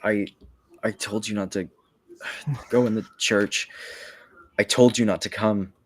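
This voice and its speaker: A wounded young knight gasps out halting pleas for his brother to run, his voice weak and strained, as a man puts him on. It sits a touch higher than the performer's low, unhurried speech. The delivery stays flat and breathless. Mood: weak pleading.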